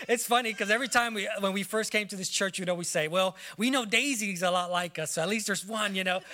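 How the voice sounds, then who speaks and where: Guy with a high bright voice, church farewell, preachy and choked up. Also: fairly quick, a little hiss or hum. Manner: preachy, declaring blessings, near tears. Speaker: church member giving a farewell tribute. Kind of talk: emotional church farewell speech. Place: church sanctuary.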